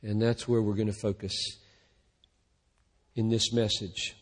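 Slow, deliberate preacher in a big hall. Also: male voice, lowish voice, flat delivery. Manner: slow, deliberate preaching that swells loud then falls to near-quiet. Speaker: pastor. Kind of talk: sermon.

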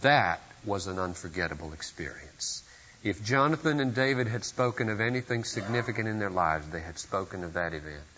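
A man's voice: lowish voice, animated, brisk, pushed and bright, in a large hall, highs cut off. A man preaching a sermon at a church service, earnest and emphatic, pressing his points with sudden surges of force. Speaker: pastor.

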